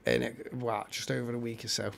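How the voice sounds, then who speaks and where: A man's voice: medium pitch, level tone, fast, gravelly, fairly bright tone. A man co-hosting a casual livestream, chatting with viewers in a jokey way and reading out their comments. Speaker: livestream co-host. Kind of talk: casual live chat with viewers.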